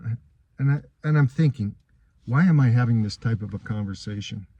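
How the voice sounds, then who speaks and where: A man's voice: mid-range voice, fairly quick, dark tone, slightly rough, dull audio. A man giving a first-person account of his court case, earnest and aggrieved, telling what happened step by step.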